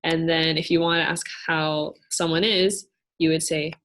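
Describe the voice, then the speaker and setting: A young woman answering questions in a casual Q&A, explaining patiently and thoughtfully, often pausing with fillers. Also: deep voice, flat delivery. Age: young adult. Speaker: student cultural navigator.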